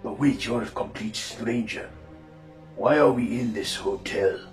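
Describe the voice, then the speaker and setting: A man's voice: on the low side, soft background music, lightly acted. A man voicing a confused eighteen-year-old woman who speaks hesitantly. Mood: uneasy. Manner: hesitant, halting.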